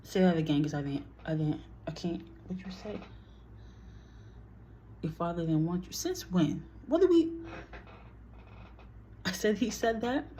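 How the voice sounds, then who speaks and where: A woman's voice: lowish voice, moderate pace, long pauses, dark tone, slight background noise. A woman telling a personal story in a casual vlog, blunt and heated, swearing freely and acting out what others said.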